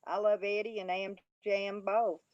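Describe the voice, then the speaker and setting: A woman's voice: mid-range voice, level tone, measured pace, no echo. A woman hosting a casual livestream, reading the chat and taunting trolls with a laugh. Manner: mocking, taunting, laughing often. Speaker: livestream host. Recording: dry, dull lo-fi audio.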